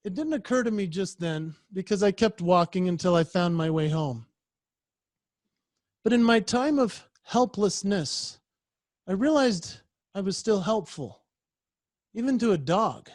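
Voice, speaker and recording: Brief: man, high voice, animated storytelling keynote speaker acting out voices, dry close sound on a video call. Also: measured pace, long pauses, dry recording. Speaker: professional speaker.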